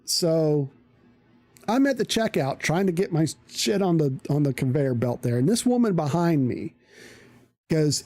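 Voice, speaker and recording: Dark-voiced, profane live streamer. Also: medium pitch, normal speed, dry recording. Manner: profane, animated storyteller. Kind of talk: casual storytelling on a live stream.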